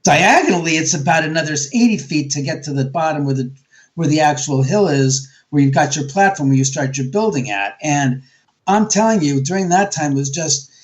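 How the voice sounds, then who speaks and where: A man with a New York accent, a guest on a radio interview, telling a story in a lively, animated way and acting out other people's voices. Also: on the high side, a little fast. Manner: animated, acts out quoted voices. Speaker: guest, homeowner and author.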